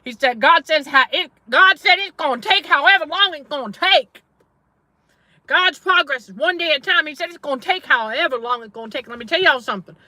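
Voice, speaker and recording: Woman, middle-aged, casual testimony to viewers, repeats for emphasis, high pitch, dry close sound. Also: brisk, bright, forceful tone, no room sound. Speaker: faith-based trauma coach and channel host. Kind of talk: casual livestream preaching.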